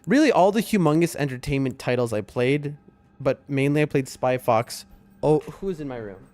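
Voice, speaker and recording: A man's voice: animated, normal speed. A man streaming a game live, chatting casually and rambling to his viewers. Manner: chatty and rambling, talks to his chat, soft high voice when talking to his cats. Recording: faint music behind the voice.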